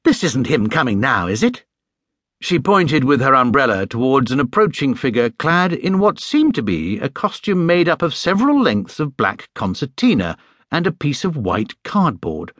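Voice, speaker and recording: Expressive male storybook narrator. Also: mid-range voice, normal speed, no echo, studio quality. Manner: expressive, gently humorous. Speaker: audiobook narrator. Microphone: studio microphone.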